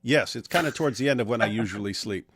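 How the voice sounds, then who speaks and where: A man hosting a livestream who briskly reads out viewer comments and jokes with his guests. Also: medium pitch, fairly bright tone, slight background noise. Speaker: livestream host. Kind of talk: casual livestream chat, reading viewer comments.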